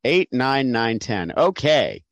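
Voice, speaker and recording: A man's voice: mid-range voice, sing-song, takes it slowly, no echo. A man running a tabletop game as game master, patiently explaining the rules and narrating the scene.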